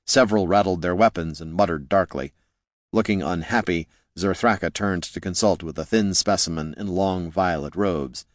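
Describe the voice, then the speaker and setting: Man, audiobook narrator, low voice, dry close sound, steady storytelling. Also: normal speed, dry recording.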